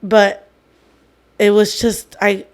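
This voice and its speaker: A woman's voice: mid-range voice, flat delivery, slow pace, a little mellow. A woman, a podcast guest, telling a story in a casual way, speaking candidly, swearing freely and slipping into Spanish.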